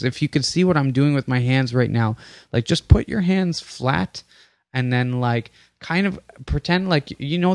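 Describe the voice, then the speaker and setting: A man's voice: on the high side, darkish tone, dry recording, studio quality. A young man telling a long comic story on a podcast, rambling with many fillers, restarts and swearing. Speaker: podcast host.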